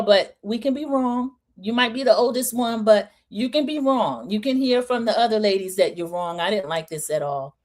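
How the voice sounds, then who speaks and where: A middle-aged woman hosting a livestream recap, casually chatting and acting out what the cast said. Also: mid-range voice. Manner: animated retelling, acting out quoted lines. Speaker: host of a reality show recap livestream. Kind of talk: casual chat.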